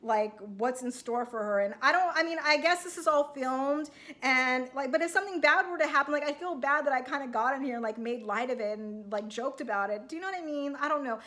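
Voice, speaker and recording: A woman with a high, light voice talks straight to her viewers about a reality show. She is chatty and keeps asking whether she is overreacting. She slips into quick acted-out quotes of the people on screen. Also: pushed and bright. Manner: chatty, self-questioning, acts out quotes. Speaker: reality TV recap vlogger. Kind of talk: casual recap monologue to viewers.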